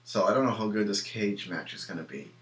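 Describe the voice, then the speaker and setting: A young man talks through a wrestling show on his own, rambling and blunt, with plenty of ums and false starts. His voice sits on the lower side and rings in an echoey room. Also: expressive, brisk. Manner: rambling, many ums and restarts, opinionated. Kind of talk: casual solo review.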